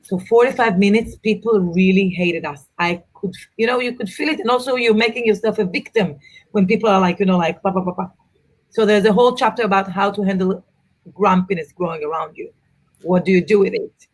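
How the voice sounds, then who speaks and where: A middle-aged woman, an author and mother of four, chatting in an interview and telling travel stories with animated asides. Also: medium pitch, breathy edge. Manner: animated storyteller, quick asides. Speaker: author and guest. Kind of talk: casual interview chat.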